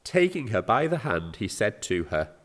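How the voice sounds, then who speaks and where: A man's voice: lowish voice, sing-song, normal speed, fairly bright tone. A man with an English accent preaching a sermon, earnest and often asking his listeners rhetorical questions. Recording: reverberant hall.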